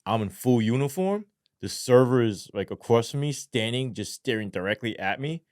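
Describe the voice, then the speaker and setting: A man's voice: medium pitch, normal speed, dry recording, clean studio sound. A man who is a former police sergeant, telling a story in a casual interview, swearing often and acting out quotes. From New York. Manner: profane, animated storytelling with acted quotes.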